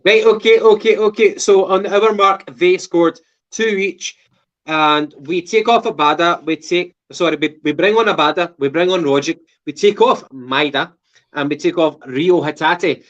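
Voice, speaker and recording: A man's voice: high-pitched, normal speed, fairly bright tone. A Scottish man co-hosting a casual football podcast, rambling with restarts and plenty of swearing. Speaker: podcast co-host. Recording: dull lo-fi sound.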